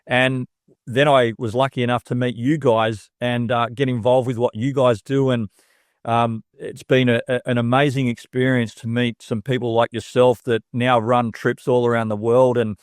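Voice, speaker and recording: A man's voice: mid-range voice, level tone, normal speed, dry recording, clean studio sound. A man with an Australian accent, a tennis coach chatting as an interview guest, upbeat and full of casual slang.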